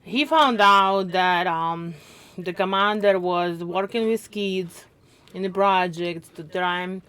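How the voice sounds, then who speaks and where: A woman's voice: fairly low pitch, slow pace, fairly bright tone, smooth, no echo. A woman co-hosting a podcast, recapping a plot in a plain, matter-of-fact way. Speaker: podcast co-host. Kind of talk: casual chat.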